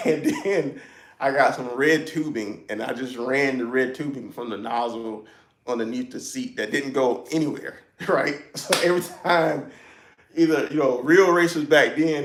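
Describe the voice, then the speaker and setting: A laid-back South Carolina man, a YouTuber, hosts a casual livestream chat from his echoey home garage. He chuckles and uses folksy slang, speaking in a gravelly, medium-pitched voice.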